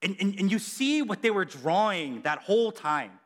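A man preaching a casual sermon, chatty and animated, acting out quotes with lots of fillers. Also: high-pitched, moderate pace.

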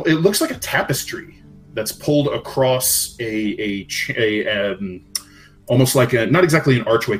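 A man narrating a tabletop game as game master, unhurried and searching for words with many fillers. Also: fairly low pitch, a bit bright.

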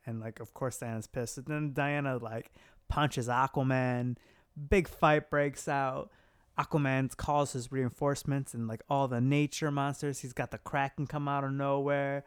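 A man in casual chat, retelling a story in an animated way and quoting the characters with laughs. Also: mid-range voice, normal speed, smooth, dry recording, clean studio sound. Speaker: podcast co-host recapping a story.

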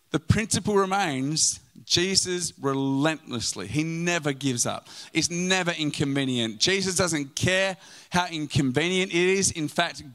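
A man's voice: a little high, fairly bright tone. A male pastor preaching a sermon in a church, emphatic, with mocking asides.

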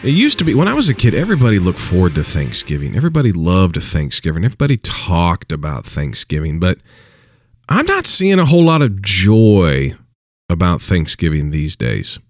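A man's voice: deep voice, huge pitch swings, normal speed, no echo, faint music behind. A man preaching dating advice in a casual talk, emphatic and repetitive, chuckling between points.

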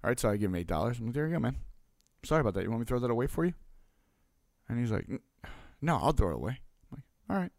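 Gravelly, candid food truck owner. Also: male voice, mid-range voice, sing-song, very fast, long pauses, darkish tone, dry recording, studio quality. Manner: candid, profane, acts out both sides of a story. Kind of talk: casual storytelling.

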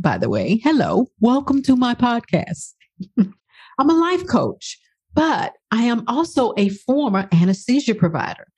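A woman's voice: medium pitch, a little mellow, husky. A woman in her sixties, a life coach hosting her own podcast, talking passionately and bluntly, with swearing for emphasis. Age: 60s. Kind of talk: podcast monologue.

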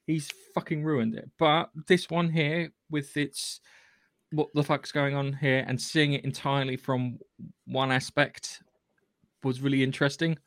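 A man's voice: medium pitch, flat delivery, unhurried, a bit bright, no echo, studio quality. A man co-hosting a podcast, blunt and sweary, often tagging his points with a questioning "yeah". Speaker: podcast co-host. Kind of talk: casual chat review.

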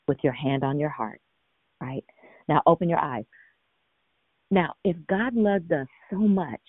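A woman's voice: sits low, dry recording. A woman preaches over a conference call, speaking earnestly and directly with rhetorical questions and frequent restarts. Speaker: minister leading a prayer call. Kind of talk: conversational sermon on a call. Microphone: phone or conference call. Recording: tinny phone line.

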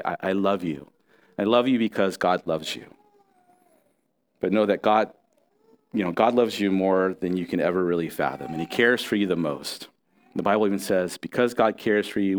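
A middle-aged man preaching a sermon as pastor, earnest and conversational, with restarts and asides to the congregation. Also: deep voice.

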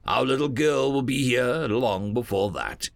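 A man voicing a cold, calm soldier who threatens slowly and flatly. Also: medium pitch, gravelly, no room sound, faint music behind. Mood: menacing. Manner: slow, flat menace.

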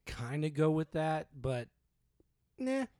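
A man's voice: fairly high pitch, big pitch swings, takes it slowly, dark tone, smooth, no echo. A man in a casual film chat, adding brief, dry remarks. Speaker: podcast co-host. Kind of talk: casual movie review chat.

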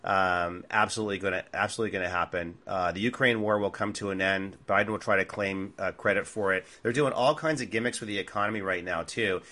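Low, bright-voiced man talking bluntly. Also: steady tone, fast talker, few pauses. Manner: emphatic, blunt, mocking. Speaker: podcast co-host. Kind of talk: casual political chat.

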